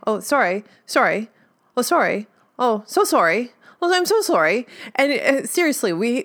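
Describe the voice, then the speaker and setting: A woman talking alone in a reflective, conversational way, musing aloud, correcting herself and laughing lightly. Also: lowish voice. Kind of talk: reflective solo talk.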